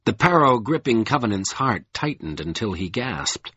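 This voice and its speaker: A man narrating an audiobook in a slow, expressive reading. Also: lowish voice, breathy edge, no echo, dull audio.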